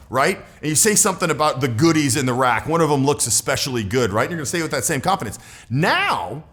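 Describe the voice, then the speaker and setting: A man in his forties talks straight to the viewer in a casual, emphatic coaching style. His voice sits slightly high and swings widely in pitch. His delivery is animated throughout. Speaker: social skills coach. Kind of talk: casual YouTube coaching talk.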